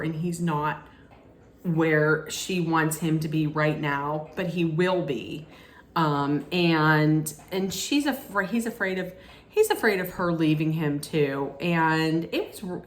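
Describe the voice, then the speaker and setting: A woman with a lowish voice chats through a reality show recap. She restarts her sentences often and breaks into lively acted-out quotes. The room is echoey and has a faint hum behind her. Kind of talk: casual recap chat.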